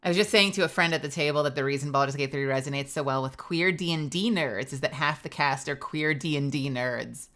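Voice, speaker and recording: A woman's voice: deep voice, a bit bright. A woman streamer and voice actor chatting casually with her viewers, rambling and full of fillers. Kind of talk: casual live-stream chat.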